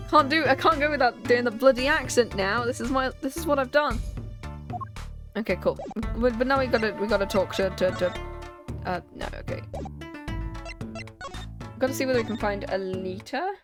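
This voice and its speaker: A woman's voice: a little high, normal speed, pauses often. Chatty woman streaming a game. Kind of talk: casual gameplay commentary. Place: home at her desk. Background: game music.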